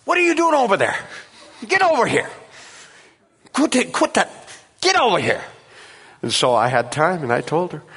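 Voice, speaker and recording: Preacher with hall reverb. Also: male voice, on the high side, slightly rough. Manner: animated storytelling, acts out voices. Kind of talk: sermon with personal stories. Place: church sanctuary.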